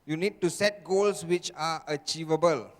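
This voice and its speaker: Male motivational speaker, high voice, emphatic and repetitive, in a reverberant hall. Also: normal speed. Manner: emphatic, repetitive, keeps checking with the audience. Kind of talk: motivational seminar talk.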